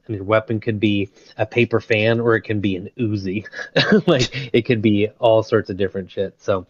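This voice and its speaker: Rambling low-voiced man, dull lo-fi sound. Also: moderate pace, dry recording. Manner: rambling, slangy, excited retelling with frequent fillers and laughs. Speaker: podcast host. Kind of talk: casual chat. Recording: dull lo-fi recording.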